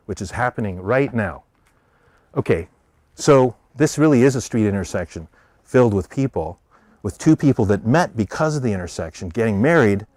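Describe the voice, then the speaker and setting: A man with an American accent giving an animated public talk, telling stories and voicing characters in quotes. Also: on the low side, dry recording. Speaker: speaker.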